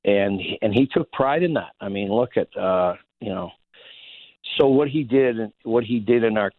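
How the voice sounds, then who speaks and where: A man's voice: fairly low pitch, expressive, normal speed, no echo. Man telling stories down a phone line. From Saskatchewan, Canada. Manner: rambling, many restarts, chuckles through stories. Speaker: interview guest, former hockey player. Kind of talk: casual anecdotal storytelling. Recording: phone-like narrow band, dry.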